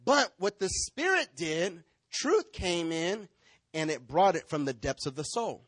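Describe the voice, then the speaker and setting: A male pastor preaching a sermon in an animated way, stepping into role-play to act out members of his congregation. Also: sits high, a little slow, no echo.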